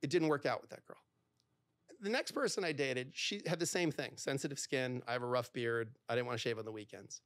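The podcast guest is a middle-aged divorce lawyer with a medium-pitched, slightly bright voice, recorded studio-quality without room sound. Telling stories in a conversational interview, he speaks in quick bursts loaded with fillers and performs bits of dialogue.

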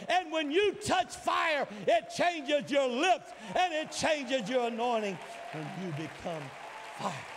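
A man in his sixties preaching a sermon as pastor, building his lines into dramatic shouted repetitions. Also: very high voice, animated, slow, a crowd in the background, background noise. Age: 60s. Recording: long hall reverb.

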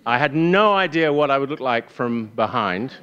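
An English man telling a wry, self-deprecating personal story on stage before a live audience, with halting restarts. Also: mid-range voice, expressive, sharp tone, muffled recording, a little hiss or hum. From England.

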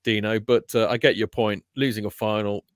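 A man co-hosting a football podcast in casual chat, chatty with quick jokey asides. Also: lowish voice, fairly even intonation, clean tone, no echo, studio quality. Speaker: podcast co-host.

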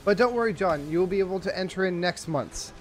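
A man's voice: high-pitched, quick pace, faint music behind. A man hosting a gaming stream, announcing tournament results in an upbeat, eager way. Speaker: stream host. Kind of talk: casual stream chat.

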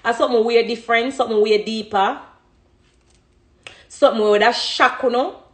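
A woman's voice: on the high side, normal speed. Chatty Jamaican woman live-streaming. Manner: chatty, reads out comments, animated. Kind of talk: casual live-stream chat.

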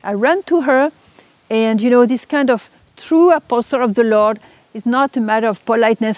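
Woman, religious sister, emotional testimony, a little high-voiced, dry close sound, muffled lo-fi recording. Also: moderate pace, no echo. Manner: emotional, earnest storytelling. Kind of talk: personal testimony. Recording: dull lo-fi recording.

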